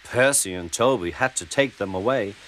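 A man narrating a children's storybook in a gentle, expressive way, with music playing underneath. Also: fairly low pitch, normal speed, slight background noise.

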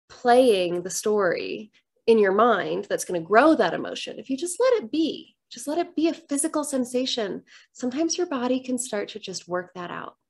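A middle-aged woman speaks straight to the camera in an earnest, reflective way, her voice sitting a little high. She comes across as a coach sharing a personal moment, unhurried and gentle. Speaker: divorce coach. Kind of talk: candid talk to camera. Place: home room with books.

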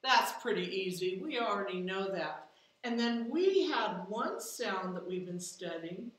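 A woman with a mid-range voice teaches a distance-learning music lesson to children at home, speaking in an animated, unhurried way as she patiently explains and counts out rhythm syllables. The room is echoey and the mic sits at a distance.

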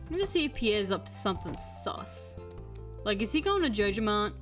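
A woman's voice: mid-range voice, big pitch swings, moderate pace, a bit bright. Casting: young woman, livestream gamer, chatty and exasperated, mid-range voice, faint music underneath. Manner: chatty, exasperated storytelling with swearing. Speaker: streamer. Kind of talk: casual gameplay chat.

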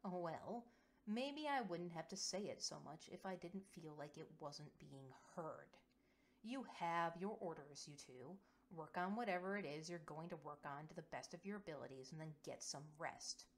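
A woman voicing a kindly, commanding male general who speaks in a steady, reassuring rumble. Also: moderate pace. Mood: warm commanding.

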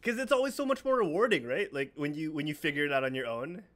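A man co-hosting a casual podcast about games, talking in halting phrases and reading out the chat. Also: on the high side, lively intonation, fairly bright tone. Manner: hesitant, many fillers and restarts, reads chat aloud. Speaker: co-host.

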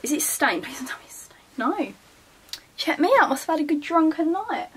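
This young vlogger, sorting her wardrobe in her bedroom, chats casually and mutters to herself. Her high-pitched voice has lively intonation and a moderate pace, and she's far from the mic.

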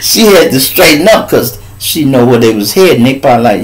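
A man hosting a live street show, telling a profane story in heavy slang, swinging between loud outbursts and low asides. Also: expressive, fairly quick, few pauses, rough recording.

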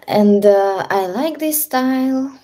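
With a high, animated voice, a woman from Ukraine runs a casual live stream as a stretching coach, speaking halting English with a Russian accent and dropping into soft whispered asides.

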